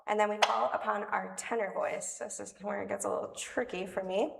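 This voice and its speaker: A woman's voice: mid-range voice, fairly even intonation, fairly quick, creaky. A woman leading a children's time in a worship service, speaking in a chatty, playful way with small laughs. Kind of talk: friendly talk to children in a service. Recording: echoey room from far off, faint noise.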